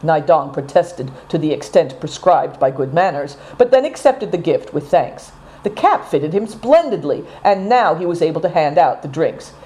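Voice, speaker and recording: Woman storybook narrator; low, mellow, very animated reading. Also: moderate pace. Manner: expressive, dramatic reading. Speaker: audiobook narrator.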